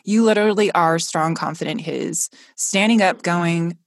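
A woman hosting a faith podcast speaks with fervent, encouraging conviction, almost like a preacher. Her voice sits fairly low, and the recording is close and dry. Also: normal speed, dry recording. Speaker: podcast host. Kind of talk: faith-based podcast conversation.

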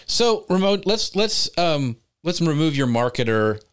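A man's voice: fairly high pitch, very animated, unhurried, clean tone, no echo, studio quality. A man co-hosting a live show, asking questions in a rambling way with restarts. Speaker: co-host. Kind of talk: casual interview questions.

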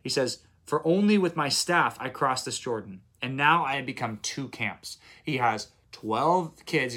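A man's voice: medium pitch, fairly bright tone. Casual man retelling a Bible passage. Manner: conversational, paraphrases scripture in everyday speech. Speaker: Bible reading host.

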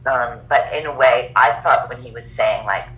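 A middle-aged woman telling a personal story as a podcast guest, lively and acting out the lines of other people. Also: extremely low pitch, moderate pace, low-quality recording. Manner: animated, acts out quoted dialogue. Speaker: podcast guest, yoga teacher. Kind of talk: casual conversational storytelling.

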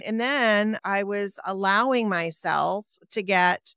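A woman therapist co-hosting a podcast, speaking in a thoughtful, measured way and often affirming with soft murmurs. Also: mid-range voice, smooth, dry recording, studio quality. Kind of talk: casual reflective conversation.

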